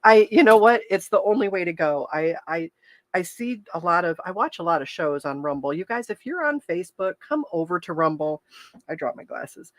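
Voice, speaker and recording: This woman's voice is on the low side and animated, moving at a normal speed with no echo. She's a health coach on a livestream, speaking openly and chattily to viewers, often restarting sentences, emotional, and laughing through tears.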